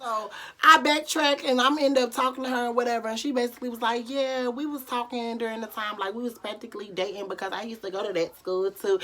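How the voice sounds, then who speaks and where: Bright-voiced young woman telling a story. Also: fairly high pitch, fast talker, slight background noise. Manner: animated, profane, dramatic voice swings. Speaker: vlogger. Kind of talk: casual storytime.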